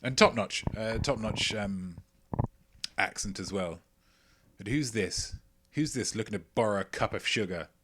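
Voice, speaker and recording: A man hosting a casual livestream quiz, playful and self-mocking, chatting between loud remarks and mumbled asides. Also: on the low side, measured pace, a little hiss or hum. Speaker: quiz show host.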